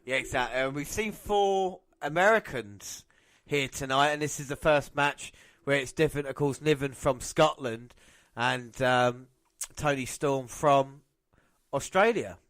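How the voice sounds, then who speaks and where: Excitable man calling wrestling matches. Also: medium pitch, a little slow, dry recording. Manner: excitable, laughs often, teasing. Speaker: podcast co-host. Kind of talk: casual wrestling watch-along commentary.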